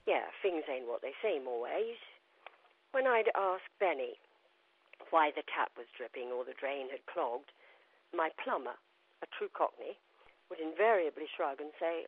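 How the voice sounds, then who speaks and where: A woman's voice: low-pitched, expressive, measured pace, long pauses, slightly rough, dry recording. A woman guest correspondent reading her own reflective letter aloud, calling in from home over the telephone. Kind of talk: reading a personal audio letter. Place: at home in upstate New York. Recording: tinny phone line.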